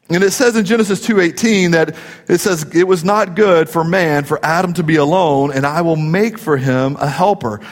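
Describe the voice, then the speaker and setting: A middle-aged man preaches with a high, light voice, mixing jokes and family stories into his sermon. His words ring out with a long hall reverb around them. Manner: jokey, storytelling preacher. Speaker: pastor.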